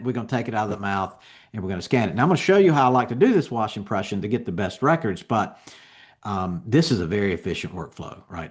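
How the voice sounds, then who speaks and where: A man giving a continuing education lecture on dental technique, explaining each step in a relaxed, conversational way. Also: on the low side.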